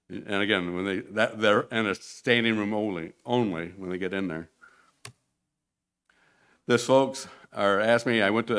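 A man's voice: fairly low pitch, a bit bright, smooth. A man giving a rambling, informal mission report to a church congregation, acting out the quotes in his stories. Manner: rambling storyteller, acts out quotes. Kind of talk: informal slideshow talk to a congregation. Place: church sanctuary.

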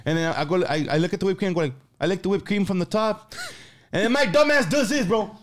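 A man's voice: sits high, quick pace. A man telling a crude, swearing-heavy story in a casual podcast chat with friends. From San Antonio, Texas. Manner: profane, animated storytelling. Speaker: podcast co-host.

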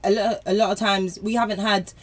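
A woman's voice: mid-range voice, flat delivery, brisk. A British woman running a casual interview in an easy middle voice. She asks her questions in an upbeat, giggly way. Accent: British English.

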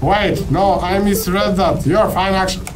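A man's voice: high-pitched, moderate pace, distant mic, lightly acted. A man playing a stern, dismissive dad. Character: stern, skeptical dad checking his son's fever. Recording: game music behind the voice.

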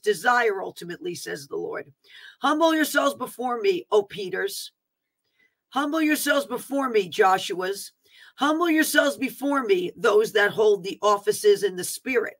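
Woman preacher, bright, sharp tone, declaiming a prophetic word with asides. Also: a little high, low-quality recording. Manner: earnest, declaiming, with asides on capitalization. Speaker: prophetic minister.

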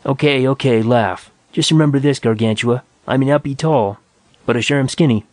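A man's voice: mid-range voice, moderate pace, no echo, natural voice. A man voicing a cheerful, teasing male astronaut in a science fiction audiobook, in a raised, bouncy voice.

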